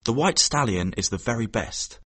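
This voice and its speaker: A man's voice: medium pitch, expressive, fairly bright tone, husky, no echo. A man voicing a poor, clever street boy who pleads and schemes, in a storybook reading. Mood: sly. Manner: pleading, quick-witted. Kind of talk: audiobook character voice.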